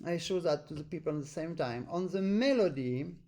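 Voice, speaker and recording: A man with a high voice gives a live online accordion master class over a video call. His English has non-native phrasing. He often sings rhythmic syllables to show how a passage should sound. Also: lively intonation, brisk, darkish tone. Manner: explains with sung syllables to demonstrate phrasing. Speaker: accordion teacher.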